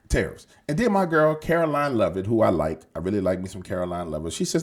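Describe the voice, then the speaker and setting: A man holds forth in a slangy, profane monologue, talking straight at his audience. His voice is husky, and his pitch leaps up and down as he argues. He sounds like he is speaking into a desk mic. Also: quick pace, hardly any pauses. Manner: animated, profane, streetwise slang, talks straight to viewers. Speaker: political commentary podcast host. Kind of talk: casual opinionated monologue.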